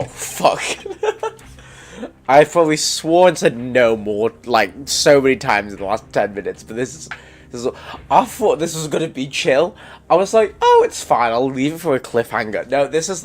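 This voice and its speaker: A man with a stuffy nose reacting emotionally to a game he is playing, groaning and swearing as he reads the lines aloud. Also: medium pitch. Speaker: gaming streamer. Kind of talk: let's play reading game lines aloud.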